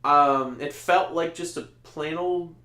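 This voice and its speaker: A man co-hosting a casual podcast, reviewing a movie in a rambling, animated way and laughing often. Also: on the high side, takes it slowly, echoey room. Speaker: podcast co-host.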